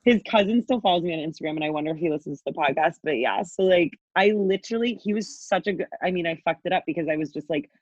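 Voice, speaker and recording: A woman's voice: on the low side, fast talker, hardly any pauses, no room sound. A woman in her twenties, a podcast guest, telling a wild dating story casually, swearing freely and acting out what people said. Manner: candid, swears freely, acts out quotes. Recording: dry, dull lo-fi sound.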